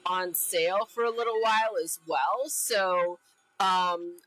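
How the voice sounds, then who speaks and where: A woman's voice: fairly low pitch, takes it slowly, fairly bright tone, faint music behind, poor audio. A woman streamer chatting casually while she plays a game, bubbly and repeating herself often. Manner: bubbly, repeats herself, giggly silly name-calling.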